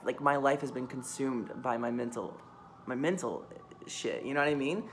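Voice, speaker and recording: A woman's voice: a bass voice, moderate pace, a little hiss or hum. A young woman vlogging a raw, rambling confession into her phone, swearing and filling with "like". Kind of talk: candid personal confession to phone camera.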